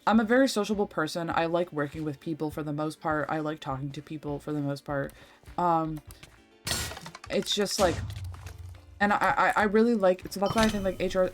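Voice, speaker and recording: A young woman streaming a game, rambling and chatty, swearing freely as she talks. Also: lowish voice. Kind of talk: casual livestream chat while gaming.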